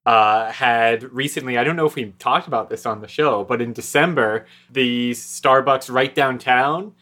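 A man from Buffalo, New York co-hosts a casual podcast. He rambles with plenty of hesitations. His voice is bright and sharp, at a middle pitch. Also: moderate pace. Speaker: podcast co-host. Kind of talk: casual chat.

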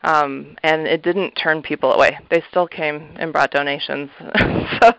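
A man talking earnestly and reflectively as an interview guest, a thrift shop manager, with soft laughs and fillers. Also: fairly high pitch, fairly even intonation, measured pace, gravelly, background noise. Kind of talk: casual interview answers. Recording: slightly muffled, dull audio.

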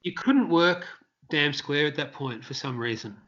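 A man's voice: a little slow, dull audio. A man who worked as a street performer, telling stories casually in an interview and acting out the voices of people he quotes. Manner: animated storyteller, acts out quotes in high shouts.

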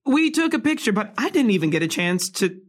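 A woman's voice: medium pitch, big pitch swings, fairly quick. A woman playing an awkward, self-deprecating playwright. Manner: hesitant, trailing off, laughs nervously. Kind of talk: contemporary stage drama dialogue.

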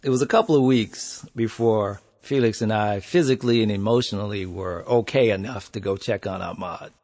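A man's voice: on the low side, moderate pace. A man from Houston, Texas, telling a story in a studio and chatting with laughter. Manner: lively, laughs while telling. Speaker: storyteller and podcast guest. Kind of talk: oral storytelling and casual chat. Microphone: studio microphone.

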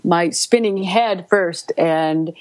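A middle-aged woman, a voice actor, telling stories in a casual interview, lively and laughing, repeating words when excited. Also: fairly low pitch, slow pace, no room sound. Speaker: voice actor guest.

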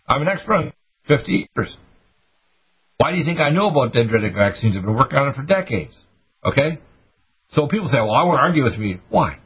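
Urgent, husky-voiced male radio host. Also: dull audio. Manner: preachy, urgent, rapid rants with sudden high bursts. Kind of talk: impassioned radio talk.

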